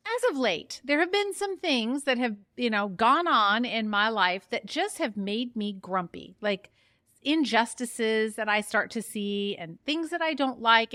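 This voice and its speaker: A woman's voice: on the high side, bright, forceful tone, no room sound, studio quality. A woman hosting her own podcast, talking openly and chattily, poking fun at herself and getting fired up. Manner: open, chatty and self-mocking, fires up quickly. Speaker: podcast host. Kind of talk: candid solo podcast monologue.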